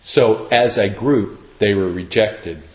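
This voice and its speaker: A man's voice: on the low side, slow. A man preaching in a folksy, conversational way, explaining scripture and acting out quotes. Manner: folksy, repeats himself, acts out quotes. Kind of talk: conversational Bible teaching. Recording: roomy, slightly dull sound.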